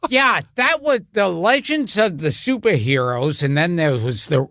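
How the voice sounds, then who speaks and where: Gravelly, lively male co-host. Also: high voice, a little slow, no room sound, studio quality. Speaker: podcast co-host. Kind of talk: casual interview.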